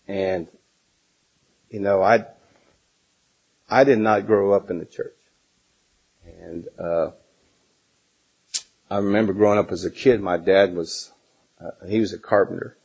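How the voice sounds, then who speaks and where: Husky, rambling middle-aged man. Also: low voice, fairly even intonation, moderate pace, pauses often, a little mellow, rough recording. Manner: rambling, many fillers and restarts. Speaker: Bible class teacher. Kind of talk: informal Bible lesson with personal stories.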